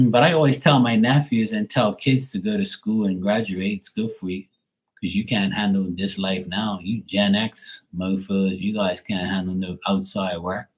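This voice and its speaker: A man in his late forties telling blunt, profane stories on a livestream, putting on higher, louder voices for the people he quotes. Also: steady tone, unhurried, breathy edge, poor audio. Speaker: livestream tarot reader. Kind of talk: casual livestream storytelling.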